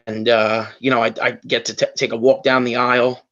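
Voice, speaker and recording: A man's voice: medium pitch, little pitch movement, fairly quick, a bit bright, dull audio. A man guest on a podcast, telling an emotional story in a rambling way, full of fillers and restarts. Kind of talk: emotional storytelling in casual chat.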